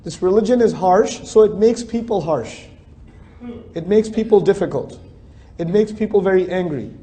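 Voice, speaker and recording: A man's voice: high voice, normal speed, dark tone. A middle-aged man giving a religious lecture in a conversational, emphatic way, repeating phrases for stress. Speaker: Islamic speaker.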